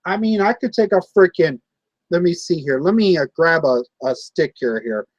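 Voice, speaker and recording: A man's voice: on the high side, animated, moderate pace, no echo, lo-fi sound. A man in his late twenties ranting angrily to camera about wrestling fans, swearing and repeating himself. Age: 20s. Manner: angry, profane, repeats himself. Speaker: wrestling vlogger.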